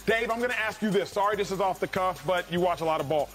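A man hosts a sports debate show, throwing to his panel with hyped, hyperbolic energy. His voice sits high and rides a sing-song lilt. Faint music plays underneath. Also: fast, fairly bright tone.

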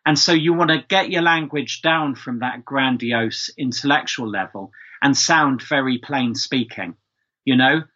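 A man's voice: mid-range voice, unhurried, pushed and bright, muffled recording. A man with a London accent, talking chattily as a guest on a podcast, with lots of fillers and restarts. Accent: London English. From England, London. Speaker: guest, speech expert. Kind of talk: casual podcast conversation.

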